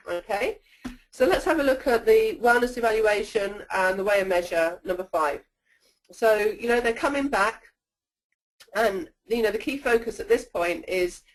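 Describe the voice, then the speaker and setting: A woman's voice: mid-range voice, moderate pace, poor audio. Woman trainer leading a webinar, chatty coaching delivery, keeps checking in with listeners. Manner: coaching, checks in with "okay?" often. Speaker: sales trainer presenting a webinar.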